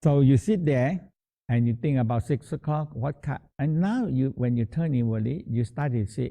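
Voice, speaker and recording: A man guiding a meditation practice in a halting, repetitive teaching manner, often restating words as he explains. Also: medium pitch, animated, gravelly, dark tone. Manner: halting, repeats words, slow explanatory phrasing. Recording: tinny phone-like sound.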